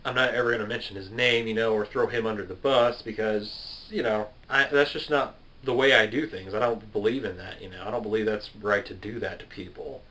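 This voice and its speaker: A man's voice: lowish voice, steady tone, a little fast, few pauses, sharp tone, low-quality recording. A man in his twenties, a gaming video creator, answering viewer questions in a loose, rambling way and laughing at himself. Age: 20s. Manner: chatty, self-deprecating, laughs at himself and drifts off topic. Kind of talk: casual rambling Q&A to camera.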